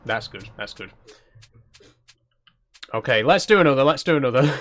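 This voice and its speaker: A man's voice: medium pitch, expressive, normal speed, fairly bright tone. A man hosting a channel, giving casual gameplay commentary in an easygoing, self-conscious way and chatting with viewers. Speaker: channel host.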